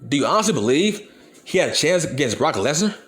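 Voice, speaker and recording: Profane, animated ranting man. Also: fairly high pitch, quick pace. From Compton, California. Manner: blunt, profane, emphatic. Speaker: channel host. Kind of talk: ranting commentary video.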